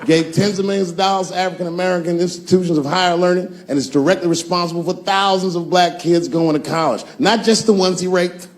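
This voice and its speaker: Male stand-up comic, fairly high voice, profane storytelling, faint background hum. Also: fast talker, few pauses. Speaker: stand-up comedian. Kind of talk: stand-up comedy routine.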